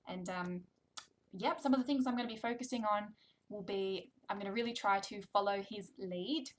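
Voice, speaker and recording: A woman's voice: mid-range voice, normal speed, slight background noise. A woman, a speech therapist explaining how to read with a toddler. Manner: animated, exaggerated sound play with a child. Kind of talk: demonstrating book reading with a toddler.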